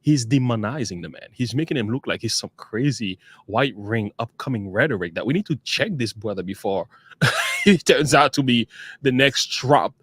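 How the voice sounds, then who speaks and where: A man's voice: medium pitch, wildly swooping pitch, moderate pace, a bit bright, husky, no echo. A man hosting a casual reaction commentary, talking loosely and chuckling often. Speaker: host.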